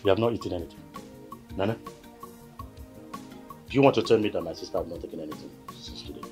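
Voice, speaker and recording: An actor with a Nigerian accent playing a pleading husband who keeps calming his wife and sister. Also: low-pitched, fast, soft background music, lightly acted. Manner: pleading, soothing, repeats himself. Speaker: husband and brother in the family. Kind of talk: Nollywood film acting.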